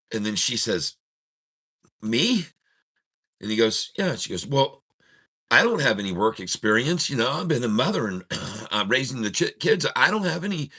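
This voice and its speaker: Hosting his trading channel, this man tells a drawn-out joke casually, stopping and starting many times and chuckling at his own lines before getting to the markets. His voice sits on the low side and sounds bright and forceful.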